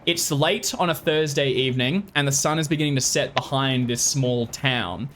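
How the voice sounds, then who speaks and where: A man's voice: medium pitch, moderate pace, a bit bright, a little hiss or hum. A man acting as game master, narrating a tabletop game in a casual, hesitant way.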